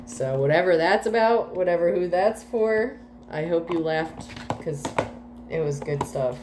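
A woman's voice: lowish voice, expressive, unhurried. A woman doing a casual tarot reading, laughing often and swearing freely as she talks. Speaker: tarot reader. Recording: echoey room with faint background noise.

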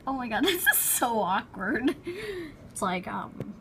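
A woman's voice: fairly high pitch, very animated, a little slow, bright, forceful tone, a little hiss or hum. A woman giving casual game commentary, chatty and giggly, full of dramatic exclamations. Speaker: gameplay commentator.

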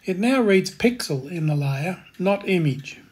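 A man hosting a step-by-step software tutorial, giving calm, plain instructions in a voice-over. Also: high voice, measured pace, husky. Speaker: tutorial host.

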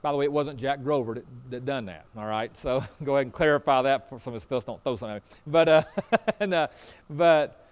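Delivering his sermon in a folksy style, this pastor plays both parties in a story's conversation, with "I said" and "he said" coming up again and again. He has a smooth, medium-pitched voice and moves along fairly quickly with few pauses.

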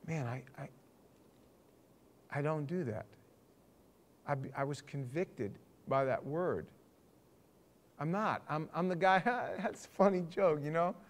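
A man with a somewhat raised pitch leads a church Bible study, talking loosely and conversationally. He often restarts sentences and checks in with the group with questions. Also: slow, long pauses, slight background noise. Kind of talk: casual church teaching.

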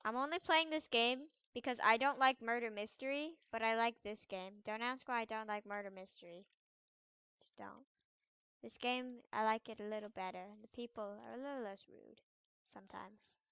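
A woman's voice: on the high side, normal speed, bright, forceful tone, smooth, no room sound, lo-fi sound. A young woman chatting playfully while playing an online game, exclaiming often as she narrates what happens. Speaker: gamer. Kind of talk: casual gameplay commentary.

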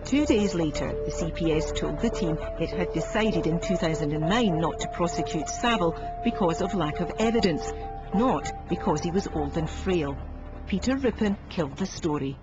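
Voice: medium pitch, animated. Grave documentary narrator over music. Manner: measured, grave. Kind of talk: scripted narration. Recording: dull audio under music. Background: music bed.

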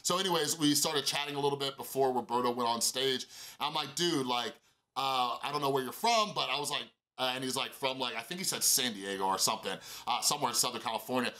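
A man telling a casual storytime vlog, animated and full of fillers, acting out quoted dialogue in a higher voice. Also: quick pace, poor audio. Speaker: YouTuber.

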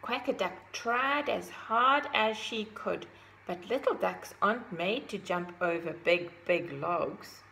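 A woman reading a children's picture book aloud, gently adding her own asides about the pictures. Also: medium pitch, expressive, slow pace, vocal fry, slight background noise, low-quality recording. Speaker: storybook reader.

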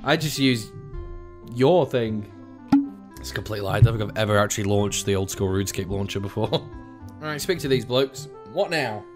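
A young man giving casual, excitable gameplay commentary, swearing freely and swinging between mumbled asides and loud outbursts. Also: fairly low pitch, normal speed. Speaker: gaming video host. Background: faint background music.

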